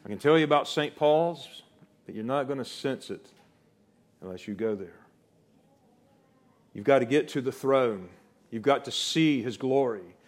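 A man preaching a sermon, swinging from loud, rising declarations to soft, slow, hushed passages. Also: medium pitch.

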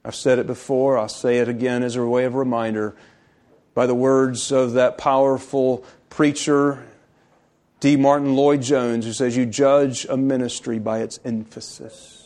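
A man preaching a sermon in an emphatic, repetitive way, slowing on key phrases and dropping to a near-whisper for stress. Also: mid-range voice, little pitch movement, darkish tone.

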